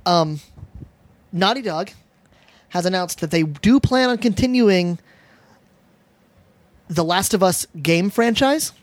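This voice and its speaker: A man's voice: sits high, expressive, takes it slowly, long pauses. A man hosting a casual podcast and reading out news, laid-back and chatty with many hesitations. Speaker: podcast host presenting news. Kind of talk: casual chat.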